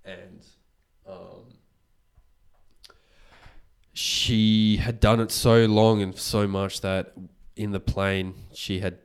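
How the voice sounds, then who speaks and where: A man, hosting a podcast and retelling a story in casual chat, animated and swearing freely. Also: fairly low pitch, drawn-out words, pauses often, clean tone. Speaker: podcast host.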